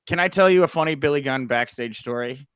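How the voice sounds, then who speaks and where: A young man's smooth, mid-range voice comes through a dry recording at a brisk clip. As host of a wrestling news podcast, he talks casually and tells stories with animation, full of "uh" fillers.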